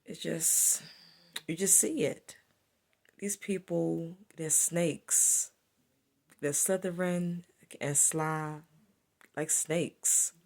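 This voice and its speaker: A woman's voice: sits low, steady tone, extremely slow, vocal fry, long pauses, darkish tone. A woman giving a solo spiritual monologue to camera, repetitive and emphatic as she accuses. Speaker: spiritual vlogger.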